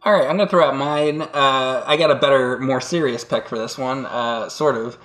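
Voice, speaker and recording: A man's voice: mid-range voice, moderate pace, a bit bright. A man co-hosting a casual chat, telling rambling stories with laughs and acted-out voices. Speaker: co-host. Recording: roomy echo.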